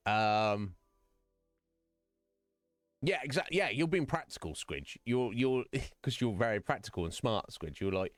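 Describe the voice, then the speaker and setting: Low-voiced streamer chatting. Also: male voice, lively intonation, unhurried, pauses often, dry recording, clean studio sound, faint music behind. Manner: rambling, joking, talks to chat by name. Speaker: streamer host. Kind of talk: casual live-stream chat.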